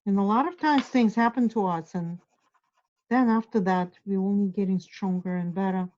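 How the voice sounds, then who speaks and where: A woman guides a drawing lesson, encouraging her students as she draws. Her voice is mellow and warm. The recording sounds somewhat dull. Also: mid-range voice, moderate pace. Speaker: art instructor.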